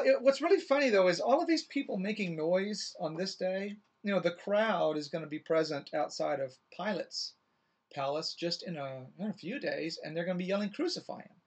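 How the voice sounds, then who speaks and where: A man's voice: sits high, a little fast, husky. A middle-aged man, a minister, thinking aloud in a rambling, wry, casual way about his next sermon. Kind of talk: casual vlog musing. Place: church, alone.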